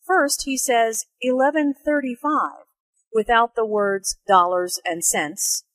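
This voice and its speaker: A woman explaining English phrases and their intonation in a slow, careful teaching voice. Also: no echo. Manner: slow, careful, with lively pitch for spoken examples. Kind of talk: slow, clearly articulated teaching narration and dialogue.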